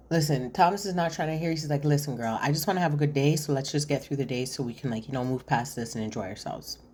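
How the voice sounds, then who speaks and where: A young woman recapping a reality show episode in casual commentary, chatty and full of fillers, acting out what the cast says. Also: sits low. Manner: chatty, filler-heavy retelling with acted-out quotes.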